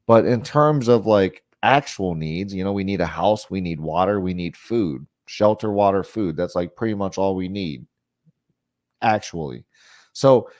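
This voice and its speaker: A man's voice: lowish voice, darkish tone, no room sound, clean studio sound. A man giving casual sales coaching, talking it through with lots of fillers and acting out customer lines. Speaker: sales trainer.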